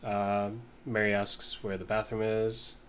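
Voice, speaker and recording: A man in a casual study session, reading lines aloud slowly and mumbling as he writes and sounds out words. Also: fairly low pitch, flat delivery, fairly bright tone, slight background noise. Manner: slow, mumbling while writing, sounds out words. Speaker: language learner.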